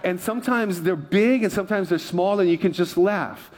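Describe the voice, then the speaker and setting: Joking pastor with a higher voice. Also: male voice, moderate pace, slight background noise. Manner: humorous storytelling with repeated phrases; asks the congregation for responses. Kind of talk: sermon.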